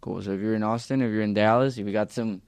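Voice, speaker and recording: A man's voice: fairly low pitch, steady tone, fast, vocal fry, darkish tone, clear, resonant tone, no room sound. A man hosting a podcast, chatting casually and asking probing questions in a friendly way. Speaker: podcast host. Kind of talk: casual interview chat.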